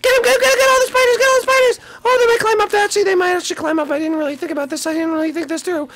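A woman hosting a playful game role-play, excitably shouting repeated commands. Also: extremely high pitch, racing.

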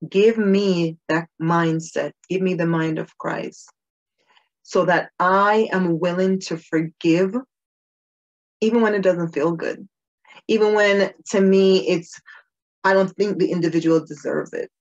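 A woman's voice: lowish voice, fairly even intonation, measured pace, muffled recording. A woman giving an earnest personal devotional talk, stressing her points by repeating phrases. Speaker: Christian video host.

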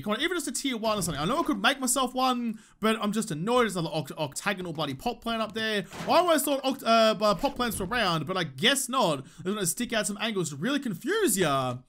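A young man with an Australian accent talks through his gameplay in a loose, joking way, often speaking straight to the game. His voice sits high and bright. It swings up and down freely as he talks. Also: sing-song, fairly quick, slight background noise. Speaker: gaming YouTuber. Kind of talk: casual gameplay commentary.

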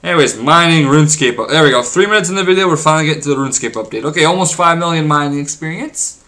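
Chatting over gameplay, a young male vlogger speaks in a fairly high, pushed, bright voice. His talk is rambling, crude and full of profanity, and he says hunger is why he's talking so fast.

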